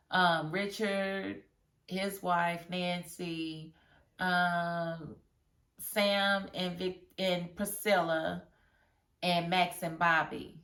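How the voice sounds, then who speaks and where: A woman casually reviewing a TV episode, chatty and animated, often breaking into laughter as she retells scenes. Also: lowish voice, distant mic. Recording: roomy echo.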